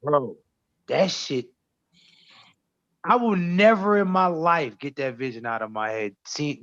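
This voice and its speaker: A man, a rapper guest from Brooklyn, telling stories in animated, profane, slangy talk. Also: medium pitch, no echo, lo-fi sound. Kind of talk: casual radio chat.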